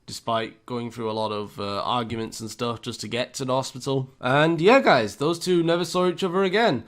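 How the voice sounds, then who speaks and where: A man's voice: medium pitch, a bit bright. A young British man telling a story in a casual, chatty way, speaking to his viewers with asides. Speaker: storytime YouTuber.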